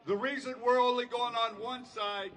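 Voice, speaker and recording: A man's voice: very high voice, moderate pace. A man organizing protesters and explaining the route of a march. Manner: energetic, explaining plans step by step. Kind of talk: giving march instructions. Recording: voice heard from a distance.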